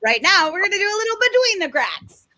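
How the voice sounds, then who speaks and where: A woman hosting an online comedy show, reading joke headlines in a brisk, joking way over a video call. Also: very high-pitched, sing-song, bright, forceful tone. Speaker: host. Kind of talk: reading comic news headlines.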